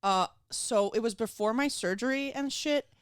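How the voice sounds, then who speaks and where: A woman comedian in her thirties, chatting on a podcast and telling animated, profane stories, acting out the people in them. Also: on the high side, normal speed, smooth, no room sound, clean studio sound. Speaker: comedian guest. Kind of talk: casual podcast chat, storytelling.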